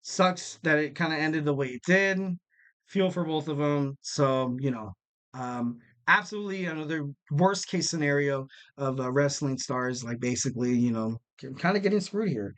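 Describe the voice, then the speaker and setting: A man's voice: fairly high pitch, lively intonation, normal speed, a bit bright. A man hosting a wrestling podcast in casual chat, rambling with lots of fillers and restarts, and now and then acting out what people said. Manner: acts out quoted people.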